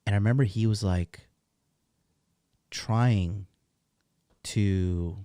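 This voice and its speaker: Brief: man, low dry voice, blunt profane host rambling to camera while seated. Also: takes it slowly, dark tone, clear, resonant tone, no room sound. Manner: blunt, heavy swearing, rambling asides. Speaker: dating coach host. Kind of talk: casual profane rant to camera. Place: seated at a desk, indoors.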